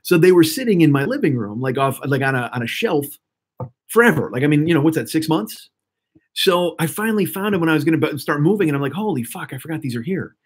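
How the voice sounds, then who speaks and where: A man's voice: fairly high pitch, lively intonation, fast, slightly rough. A man in his forties hosting a live stream, chatting casually and rambling profanely to viewers in the chat. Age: 40s.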